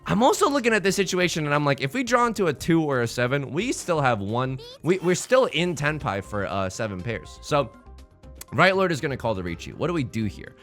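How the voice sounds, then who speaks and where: A man's voice: a little high, sing-song, fairly quick, a bit bright, faint music behind. A young man from the United States giving casual, joking commentary while playing a game, rambling to himself and his viewers. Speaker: let's play host.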